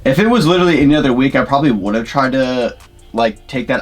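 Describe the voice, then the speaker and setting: Man, casual vlogger commentary, exasperated and disbelieving, mid-pitched voice, faint music bed. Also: expressive, fast. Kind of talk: casual live-shopping commentary. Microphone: camera-mounted shotgun mic. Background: background music.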